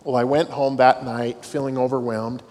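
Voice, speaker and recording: A man's voice: mid-range voice, level tone, normal speed, a little mellow. A middle-aged man, a dean of students, giving a devotional talk to students with storytelling and self-deprecating humor. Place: large hall on a university campus. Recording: long hall reverb, faint noise.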